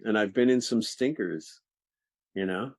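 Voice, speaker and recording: Older male actor, low voice, lively raconteur, dry sound. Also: unhurried, dry recording. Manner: animated, laughing, restarts sentences. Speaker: actor guest. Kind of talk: interview storytelling.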